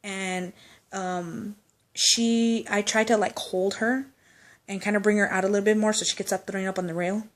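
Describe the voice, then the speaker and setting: A woman's voice: medium pitch, flat delivery, moderate pace. A woman casually telling a personal anecdote, chatty and loose, with swearing and laughing asides. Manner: chatty storytelling, swears, laughs, acts out quotes.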